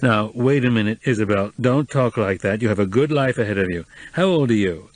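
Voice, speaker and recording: A man's voice: lowish voice, lively intonation, a little fast. A man reading an audiobook, voicing a reserved, formal middle-aged man who speaks with restraint. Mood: restrained. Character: patient, reserved middle-aged man, cool then kind.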